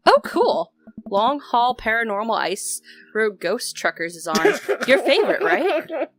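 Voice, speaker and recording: A woman's voice: fairly high pitch, very animated, measured pace, soft background music, pitched above the performer's own voice, heavily acted. Amanda, a bubbly teasing teen voiced by a woman. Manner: bright, bouncy, teasing. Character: cheeky teenage daughter, bubbly and teasing.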